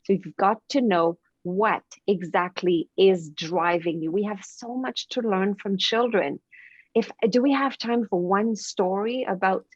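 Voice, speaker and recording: A woman from Canada, a guest on a podcast, telling stories in an animated way and often repeating words. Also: medium pitch, a little slow, dry recording. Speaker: podcast guest, confidence coach. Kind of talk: casual interview storytelling. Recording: dry, dull lo-fi sound.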